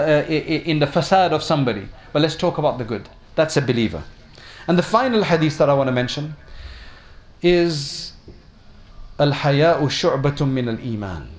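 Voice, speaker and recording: Male preacher, slightly high voice, storytelling sermon, faint room noise behind. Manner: storytelling, addresses audience with questions.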